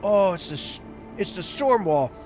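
A man giving excited, chatty commentary while playing a space game, reacting aloud to everything he sees. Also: high voice, normal speed. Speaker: gaming YouTuber. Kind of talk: casual gameplay commentary. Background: game music.

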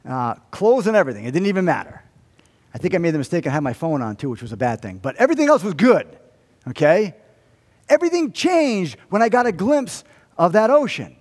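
A man preaching from the pulpit, his slightly high voice swinging up and down as he tells stories with humor and acts out what people said. His words ring with the long reverb of a church hall. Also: fairly quick. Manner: animated storytelling with humor and acted-out quotes. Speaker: pastor. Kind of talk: sermon. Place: church sanctuary.

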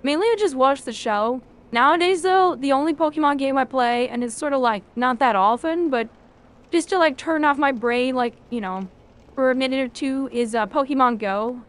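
A woman's voice: sits high, moderate pace. A woman streaming a video game, chatting casually with her chat, rambling and swearing freely.

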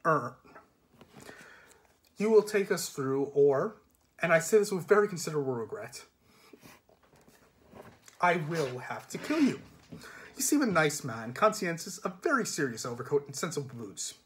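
A man voicing a cheerfully courteous young upper-class killer whose calm politeness carries a threat. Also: on the high side, normal speed, pauses often. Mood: pleasantly menacing.

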